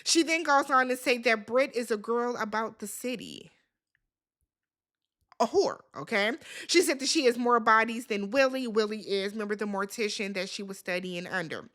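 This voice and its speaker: A woman's voice: fairly high pitch, moderate pace, a bit bright. A woman hosting a casual recap of a reality TV show, blunt, sassy and profane as she scolds the cast directly. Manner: talks straight at the viewers and the cast, scolding them. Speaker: TV recap host.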